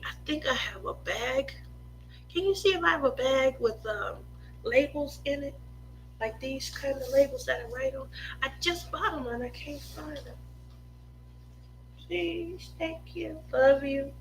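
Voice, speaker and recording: A woman's voice: high voice, normal speed, slight background noise, rough recording. A woman in her forties chatting casually and openly to her viewers as a craft vlogger, rambling with lots of "you know" and "um". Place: home craft room.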